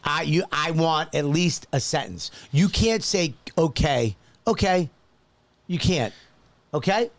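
A man's voice: a little high, animated, unhurried, gravelly, no echo. A man co-hosting a podcast, ranting in exasperated casual banter and repeating himself. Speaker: podcast co-host.

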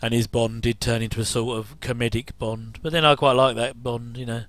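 Chatty man, smooth dry voice. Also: mid-range voice, flat delivery, fairly quick, a bit bright, no room sound. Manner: chatty, jokey asides with chuckles. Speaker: commentary host. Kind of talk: casual watch-along commentary.

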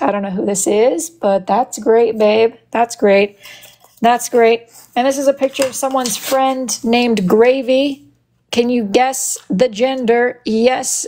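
A woman's voice: on the high side, a little mellow. A woman hosting a casual live stream, chatting playfully and teasing her viewers as she reacts to their messages. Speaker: live-stream host doing wood burning.

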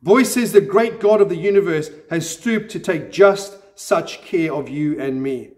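High-voiced man preaching a sermon. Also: unhurried. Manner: earnest preaching with gentle self-deprecating humor. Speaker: pastor. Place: church.

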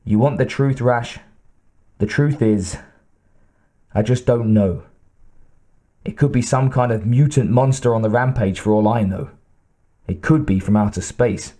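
A man voicing a tough, blunt homicide detective who talks with calm menace, in an audiobook reading. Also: mid-range voice, unhurried, pauses often, close to an everyday voice. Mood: grim.

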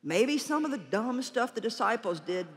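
A woman preaching a conference sermon in a large hall, animated and joking, and she calls out her key lines loudly. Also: fairly high pitch, moderate pace.

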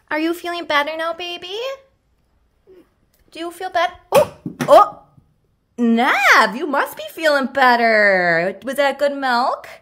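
High-voiced with a fairly bright tone, this woman in her thirties is a mom in family kids' videos. She does pretend play with her child, doting on her like a baby in a sing-song, exaggerated manner.

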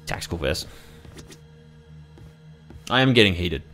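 A young man hosting a let's play, ranting through his gameplay commentary in a profane, animated way. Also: low-pitched, unhurried. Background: faint game music.

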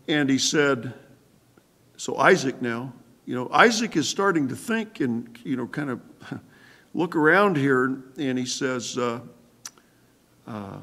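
A man pastor giving a sermon-style Bible study in a church, halting with fillers and asking the congregation questions. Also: medium pitch, lively intonation, a bit bright. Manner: halting, many fillers and restarts.

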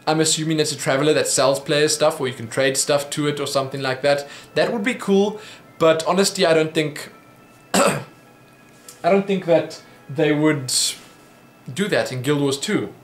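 A man's voice: fairly high pitch, normal speed. Rambling South African man in a roomy room. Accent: South African English. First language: Afrikaans. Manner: rambling, self-correcting, reads questions aloud. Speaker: YouTuber answering viewer questions. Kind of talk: casual rambling Q&A.

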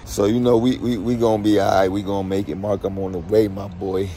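A man's voice: fairly low pitch, flat delivery, fairly quick, warm tone. A man vlogging casually while traveling, talking slangy to his viewers and often repeating words. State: out of breath. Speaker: vlogger delivering a puppy. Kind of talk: casual vlog talk to camera. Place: airport and car. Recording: noisy phone recording.

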